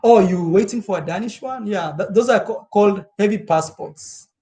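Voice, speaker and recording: A young man from Kenya chatting casually and live with his viewers, animated and repetitive, laughing often. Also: high voice, normal speed. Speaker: travel vlogger.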